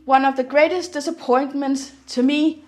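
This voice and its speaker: A woman's voice: high voice, fairly even intonation, normal speed. A young woman giving an opinionated, sarcastic movie review for her video channel. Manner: sarcastic, exasperated critique. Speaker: video commentator. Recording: faint music behind voice.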